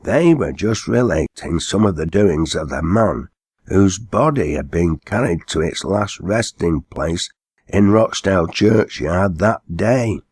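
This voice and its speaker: A man narrating an old dialect story, reading it aloud in a steady storytelling way. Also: low voice, slightly rough, dry recording, clean studio sound.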